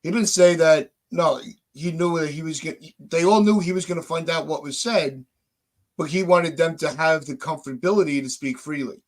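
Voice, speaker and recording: A man's voice: on the high side, fairly quick. A man hosting a podcast, venting with frustration, swearing and restarting his sentences. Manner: frustrated, repetitive restarts, profane. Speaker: podcast host. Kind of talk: heated casual podcast chat.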